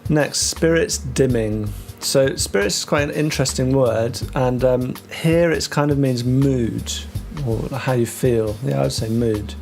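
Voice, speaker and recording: A man teaching English vocabulary, talking through words with many ums and restarts and slowing down on the key terms. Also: mid-range voice, vocal fry, darkish tone, soft background music. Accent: British English. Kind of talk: explaining vocabulary to learners.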